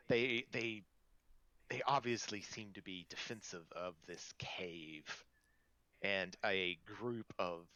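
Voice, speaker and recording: Bright-voiced man narrating as game master. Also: low voice, dry recording, lo-fi sound. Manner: loose, rambling narration with restarts.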